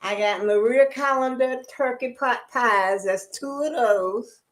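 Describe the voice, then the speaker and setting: A woman's voice: fairly high pitch, a little slow. An older woman chatting casually on a live stream, homey and talkative, calling her viewers y'all, a little out of breath. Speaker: vlogger.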